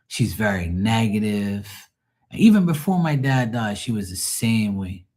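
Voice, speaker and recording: A man's voice: on the low side, very animated, measured pace, a little mellow. A middle-aged man venting on a live call in a profane, rambling, exasperated way. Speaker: caller on a live tarot stream. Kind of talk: casual venting.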